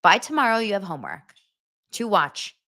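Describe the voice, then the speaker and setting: A woman hosting a casual pop culture show in a sarcastic, chatty way. Her pitch swings widely, from loud outbursts down to low muttered asides. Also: big pitch swings, normal speed. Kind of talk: casual commentary recap.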